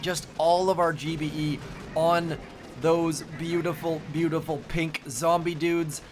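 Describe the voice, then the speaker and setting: Man, gameplay commentary host, casual and chatty, somewhat high voice, faint hiss behind. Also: level tone, a little slow. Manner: chatty, self-deprecating, thinking aloud with fillers. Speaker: host of a mobile strategy game channel.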